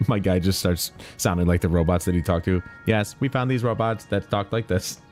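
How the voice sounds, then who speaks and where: A man's voice: deep voice, fairly even intonation, normal speed, a little mellow, soft background music. A man streaming gameplay, reading the character dialogue aloud with amused commentary. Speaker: gaming streamer.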